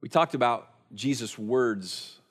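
A pastor delivering a sermon with a voice of ordinary pitch for a man. He talks to his congregation in a conversational way, posing rhetorical questions. His delivery moves between emphatic stretches and hushed, quiet passages. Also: slow pace.

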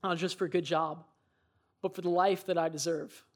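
A man's voice: on the high side, little pitch movement, normal speed. A man preaching a sermon, earnest and reflective, telling stories and speaking in quoted voices. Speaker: pastor.

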